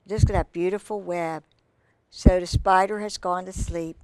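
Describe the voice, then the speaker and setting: A woman reads a picture book to children, her voice rising and falling with lively, sing-song swings. She takes her time, breaking off for friendly asides to her young listeners. The sound is dry and close, with no room around it. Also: on the low side, takes it slowly, long pauses, no echo. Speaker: children's storyteller.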